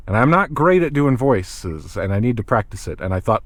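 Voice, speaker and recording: A man talks to his camera in a loose, rambling vlog, stopping and restarting as he thinks aloud. His voice sits at a middling, ordinary pitch. He sounds like a wildlife filmmaker chatting on his way out on a cold morning. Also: very animated, moderate pace, no echo. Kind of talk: casual rambling vlog monologue. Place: in a car, then outdoors in a cold parking lot.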